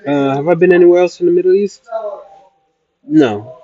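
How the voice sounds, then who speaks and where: A man's voice: fairly high pitch, fast, warm tone, dry recording. Chatty man livestreaming, dull lo-fi sound. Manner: chatty, answers viewer questions, playful asides. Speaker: travel livestreamer. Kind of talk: casual livestream chat reading comments. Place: traveling in Iraq.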